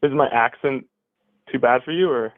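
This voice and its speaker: A man argues politics over a thin, tinny phone-like line. He speaks haltingly and fills gaps with ums and restarts. His voice sits at an everyday middle pitch. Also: dry recording. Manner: hesitant, halting, many fillers. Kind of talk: debate over a call.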